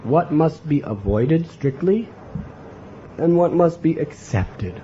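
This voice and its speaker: Slow yet animated, his mellow voice a little high, the American teacher presents a sincere devotional lecture and repeatedly asks the audience "huh?". A little hiss or hum and faint ambience mark the dull, lo-fi recording.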